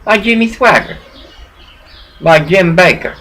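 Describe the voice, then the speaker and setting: A woman's voice: fairly low pitch, expressive, a little slow, fairly bright tone, slight background noise, poor audio. Rambling, preachy woman on laptop webcam. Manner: preachy, emotional, swinging between laughing and bitter. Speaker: vlogger. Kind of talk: rambling personal monologue.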